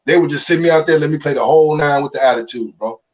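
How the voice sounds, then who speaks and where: A middle-aged man from Chicago tells his baseball story in a loose, animated, slangy way, often restarting his sentences. His voice sits a bit high for a man. The recording sounds muffled and a little far from the mic. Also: fast talker. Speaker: former pro baseball player, guest. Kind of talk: candid interview storytelling.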